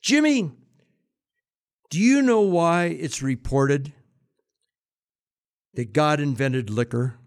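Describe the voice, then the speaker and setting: A radio host with a slightly high voice and lively intonation speaks slowly, pausing often. In a chatty, jokey segment, he tells stories from history and cracks jokes.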